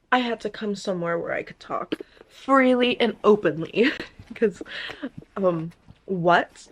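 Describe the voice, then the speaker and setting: A young woman talking to her camera about a novel she's reading. She chats casually, often breaks off to read passages aloud, and reacts with animated disbelief at what the characters do. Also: medium pitch, a little slow, long pauses, a little hiss or hum. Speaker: book vlogger.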